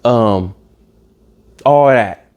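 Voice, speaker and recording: A man hosting a reaction video, giving casual comedic commentary with animated, emphatic outbursts. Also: medium pitch, drawn-out words, clear, resonant tone, highs cut off.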